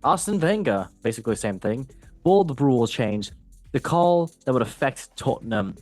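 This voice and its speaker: Reading news on his laid-back football podcast, the host jokes and chats, occasionally stumbling over words. He has a mid-range, slightly mellow voice.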